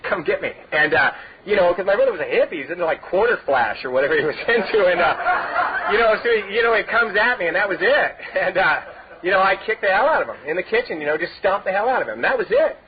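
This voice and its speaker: A man's voice: high-pitched, animated, quick pace, slight background noise. A middle-aged man from Southern California giving a personal testimony at a recovery meeting, rambling with many "you know" fillers and laughing through his own stories. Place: meeting hall. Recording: dull lo-fi tape recording.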